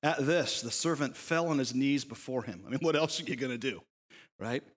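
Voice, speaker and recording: Speaking a little fast in a mid-range voice, a pastor tells a parable during his sermon. He plays out the characters' quoted lines and asks rhetorical questions, in an animated style recorded with the long reverb of a hall.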